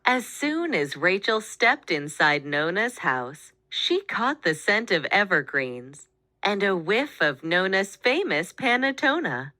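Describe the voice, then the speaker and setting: A woman reading a children's picture book aloud, with expressive, animated storytelling. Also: fairly low pitch, no room sound, clean studio sound. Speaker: storybook reader.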